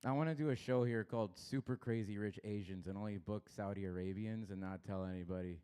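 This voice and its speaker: A young man from Los Angeles doing a crude stand-up set, baiting the crowd and swinging his pitch up and down. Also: fairly quick, mellow, clean tone. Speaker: stand-up comedian. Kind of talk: stand-up set at an open mic.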